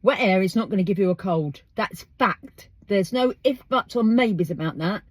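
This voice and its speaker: A woman's voice: medium pitch, expressive, moderate pace, breathy edge, no echo. An English woman hosting her podcast outdoors, chatting emphatically and firing off rhetorical questions. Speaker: podcast host. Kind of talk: casual monologue.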